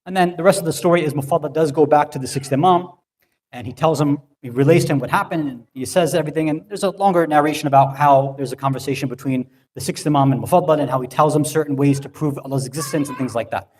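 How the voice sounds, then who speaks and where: Speaking quickly, a man with a higher, darkish voice tells a story during a sermon-style talk at an Islamic center. He keeps asking "right?" to check in, and the hall adds long reverb.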